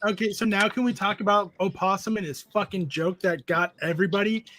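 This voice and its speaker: High-voiced man telling stories with laughs. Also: fast, crowd noise. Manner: animated storyteller, laughs often, swears. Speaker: stream host. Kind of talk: casual group chat.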